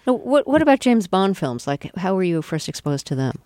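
A woman hosting an interview, asking measured questions. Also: fairly low pitch, very animated, darkish tone, no room sound, clean studio sound. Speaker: interview host.

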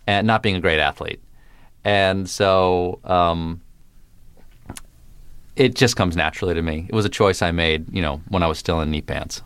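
A man's voice: low voice, normal speed, pauses often, fairly bright tone, clean tone. A man from the American South with no regional accent, a comedian talking wryly and with precise diction in a radio interview. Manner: wry, precise diction, playful. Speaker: guest, comedian.

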